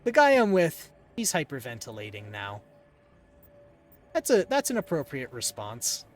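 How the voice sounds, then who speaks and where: A man streaming a game and telling a rambling story in a casual, dry, deadpan way. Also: medium pitch, measured pace, soft background music. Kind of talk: casual storytelling while gaming.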